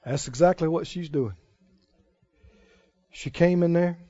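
High-voiced, slow, dramatic preacher man. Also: no echo. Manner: dramatic, swings from booming to hushed. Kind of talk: sermon. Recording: dull lo-fi, dry sermon recording.

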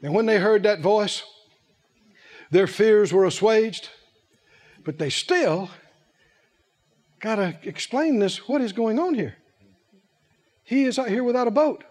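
A man preaching a sermon in an animated, humorous way, laughing often and calling out to the congregation. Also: high-pitched, slow, pauses often.

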